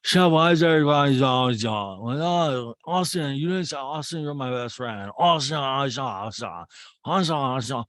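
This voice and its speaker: A man's voice: mid-range voice, normal speed, fairly bright tone, dry recording, clean studio sound, close to an everyday voice. A man doing a rambling, mocking impression of a male TV star.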